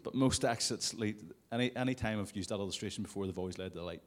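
Guy preaching at a church service, lowish voice, chatty with little jokes on the side. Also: fast. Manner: conversational, with jokey asides. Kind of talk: sermon. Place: church service before a congregation.

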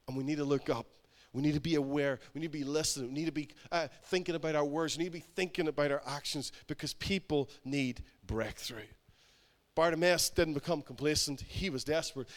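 A male pastor preaching a sermon, emphatic and repetitive, building to loud exhortation. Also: a little high.

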